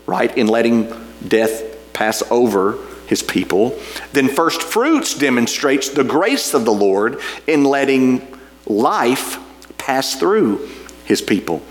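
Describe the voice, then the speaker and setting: A man preaching a sermon, reading scripture and telling a folksy story with frequent fillers and repeats. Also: medium pitch. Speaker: pastor.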